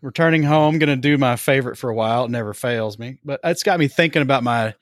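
A man hosting a hobby podcast, chatting casually in a relaxed, unhurried way with frequent fillers. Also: medium pitch, dry recording. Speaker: podcast host.

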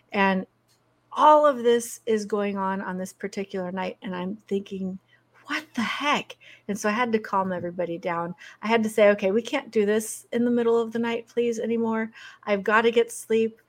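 Animated storytelling middle-aged woman. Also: medium pitch. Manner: animated, laughs often while telling stories. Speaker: guest. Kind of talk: conversational storytelling.

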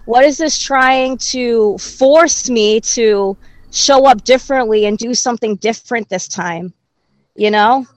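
A woman's voice: fairly high pitch, unhurried, dry recording, rough recording. A woman talking candidly in casual chat, reflective and swearing freely.

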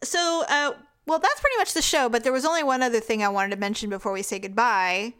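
A woman's voice: a little high, fast talker, fairly bright tone, smooth. A woman co-hosting a casual chat, telling everyday anecdotes with laughs and the odd swear. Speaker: podcast co-host.

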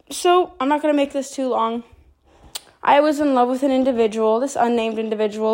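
Woman podcast host, casual confessional monologue, wry and playful, slightly breathless, higher-pitched voice. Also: normal speed, a little mellow. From Montreal. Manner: wry, playful, frequent throat clearing.

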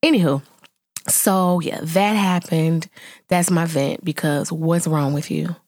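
A mother in her thirties vlogs to her viewers, telling a story in casual chat and venting with exasperated, animated exclamations. She has a deep voice and takes her time, recorded with clean studio sound and no room noise.

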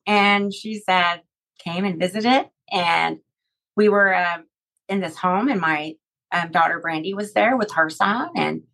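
A middle-aged woman speaking as an interview guest, her voice sitting a little low. She talks in a halting, emotional way, pausing often and filling gaps with small words. The delivery stays conversational and heartfelt. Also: creaky, a bit bright, rough recording. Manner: halting, emotional retelling with many fillers.

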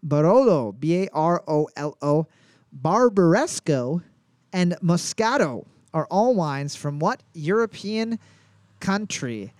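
A man hosting a live bar trivia night, reading questions aloud and cracking crude deadpan jokes between them. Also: a little high, slow, dry recording.

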